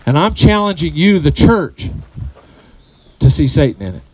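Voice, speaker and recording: A man's voice: on the high side, lively intonation, moderate pace, breathy edge, highs cut off. A man preaching a sermon to his congregation, earnest, often repeating phrases and putting questions to the people. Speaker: pastor.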